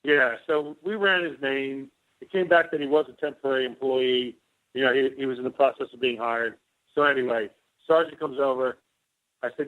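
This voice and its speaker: A middle-aged man, a former White House officer, tells rambling stories in a casual interview and acts out both sides of each exchange. His voice sits at an ordinary pitch. It comes through a narrow, tinny phone line. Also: steady tone, a little fast. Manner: rambling anecdotes, acting out both sides of dialogue.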